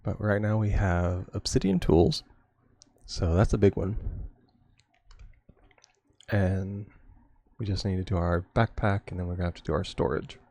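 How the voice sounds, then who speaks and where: A man's voice: deep voice, unhurried, gravelly, pauses often, darkish tone. A man streaming a game, chatting casually and rambling with frequent chuckles. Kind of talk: casual gameplay chat.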